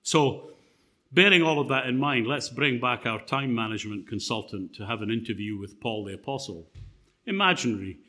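A middle-aged man delivers a sermon in a relaxed, conversational manner, often pausing on fillers and restarting his phrases. His voice is bright and forward, and his pitch sits in an ordinary middle range. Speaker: preacher. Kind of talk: sermon with personal story.

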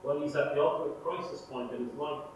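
A man preaching a sermon in an earnest way, swinging between loud emphasis and hushed, prayerful lines. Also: a little high, fast talker. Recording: echoey room, mic far off, faint hum.

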